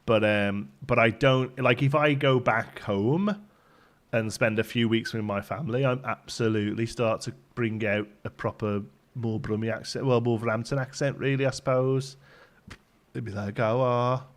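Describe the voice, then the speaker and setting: Chatty man with a softened Midlands accent. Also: mid-range voice, steady tone, normal speed. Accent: softened Midlands English. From English Midlands. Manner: rambling, chatty, laughs often. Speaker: livestream host. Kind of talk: casual chat while streaming a game.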